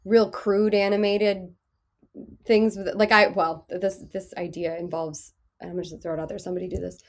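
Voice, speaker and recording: A woman hosting a podcast, chatting casually in a joking, animated way. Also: on the low side, moderate pace. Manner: joking, animated, laughs often. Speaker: podcast host. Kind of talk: casual chat.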